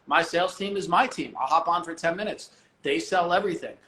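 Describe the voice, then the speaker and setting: A man talking as a podcast guest, blunt and animated, swearing casually. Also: on the high side, brisk, reverberant. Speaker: guest, business owner.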